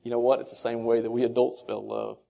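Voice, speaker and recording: A man giving a sermon-style talk to fathers, asking rhetorical questions and quoting scripture, his delivery swinging between soft and loud. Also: mid-range voice, level tone, quick pace, vocal fry. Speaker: speaker addressing fathers.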